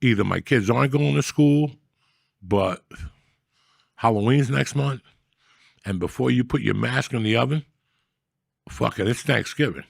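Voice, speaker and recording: A man telling comic stories on a podcast in a gravelly, profane, ranting way, with loud bursts when he acts out scenes. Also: medium pitch, a little slow, pauses often, no room sound, studio quality. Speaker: podcast host. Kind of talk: casual comedic storytelling.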